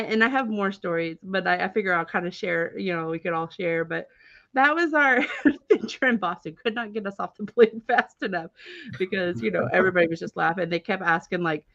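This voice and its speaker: Woman stream host doing casual storytelling; chatty and animated, with dull, dry lo-fi audio. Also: fairly low pitch, creaky, dry recording. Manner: animated, chatty, with many filler words and frequent laughter.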